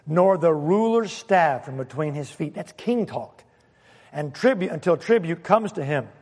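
A pastor with a scratchy throat preaching a sermon, animated and emphatic, with sudden loud exclamations. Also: male voice, sits high, long reverb tail.

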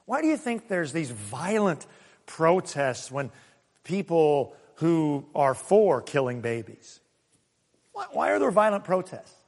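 Preaching man with a lively, chatty delivery. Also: fairly high pitch, slow, big-room sound. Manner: conversational preaching with anecdotes and chuckles; swings from soft asides to raised emphatic points. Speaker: pastor. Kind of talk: sermon.

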